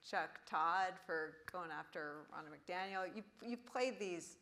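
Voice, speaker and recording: A woman interviewing a guest on stage, eager, with quick asides and frequent laughter. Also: fairly low pitch, sharp tone, a little hiss or hum.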